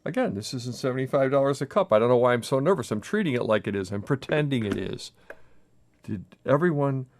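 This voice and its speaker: A man hosting a coffee brewing video at home, talking in a halting, self-interrupting, nervously chatty way while he brews for the camera. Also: medium pitch, animated, a little mellow. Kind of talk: casual on-camera brewing demo. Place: home kitchen. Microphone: camera mic with a crew.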